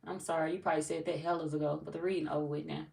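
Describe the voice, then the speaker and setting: Gravelly low-voiced woman chatting live. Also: little pitch movement, rapid-fire, warm tone, recorded from a distance. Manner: loose and playful, reads viewer comments aloud, laughs often. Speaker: tarot reader greeting live chat. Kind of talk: casual livestream chat.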